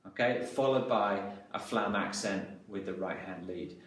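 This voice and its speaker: A man's voice: on the low side, measured pace. Echoey man teaching drum patterns. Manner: talks through drum patterns, counting hands aloud. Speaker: drum instructor. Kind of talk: instructional lesson. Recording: echoey room, mic far off.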